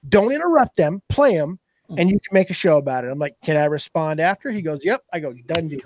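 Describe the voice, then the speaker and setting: A man in casual podcast chat, telling stories in a profane, animated way. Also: fairly high pitch, fast, a little hiss or hum. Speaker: podcast guest.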